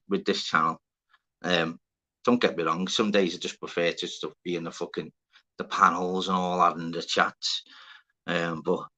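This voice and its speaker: Bloke on a livestream, swears loads, chats to viewers by name, really bright sharp voice. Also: male voice, medium pitch. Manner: chatty, swears freely, greets viewers by name. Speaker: livestream host. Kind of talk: casual live-chat banter.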